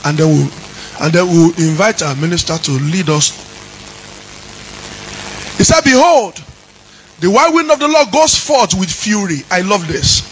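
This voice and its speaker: A man preaching a sermon as pastor, chanting his lines and rising into shouts. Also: high-pitched, animated, moderate pace, a little hiss or hum, rough recording.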